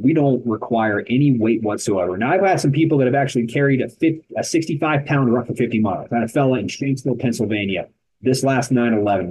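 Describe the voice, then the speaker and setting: A man speaks as a guest on a casual podcast, telling stories in short, emphatic bursts. His voice is dark and mellow with a husky edge. He sounds energetic and driven. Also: lowish voice, rough recording. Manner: energetic, emphatic storytelling in short punchy sentences. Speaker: founder of an endurance rucking organization, guest.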